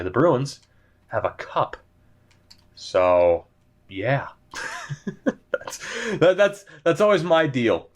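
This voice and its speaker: Casual gameplay commentator: young man from New England, mid-pitched, chatty and self-talking, swears freely. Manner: chatty, swears, talks to himself while managing. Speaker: gaming YouTuber.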